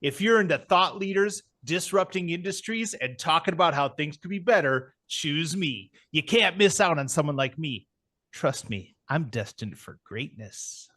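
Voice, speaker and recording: A man's voice: a little high, lively intonation, normal speed, pushed and bright, no echo, clean studio sound. A man doing a smug self-styled thought leader. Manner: smug, boastful.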